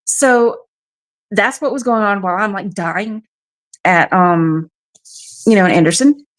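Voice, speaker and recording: A woman's voice: medium pitch, measured pace. A woman from South Carolina, frankly recounting a personal ordeal as a radio show guest. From South Carolina, USA. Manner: frank, matter-of-fact storytelling. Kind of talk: personal testimony.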